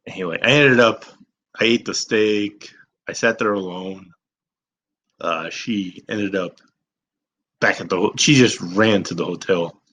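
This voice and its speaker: A man's voice: fairly low pitch, slow, long pauses, pushed and bright, low-quality recording. A young man telling a personal story in a rambling, self-deprecating way, swearing freely. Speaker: vlogger. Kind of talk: casual storytelling.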